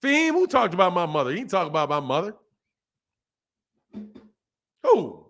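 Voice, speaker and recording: A man hosting a boxing livestream, talking in a slangy, animated way and laughing often while reading out viewer messages. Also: high-pitched, moderate pace, faint music behind. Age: adult, a father. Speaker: boxing channel host. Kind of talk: casual livestream chat.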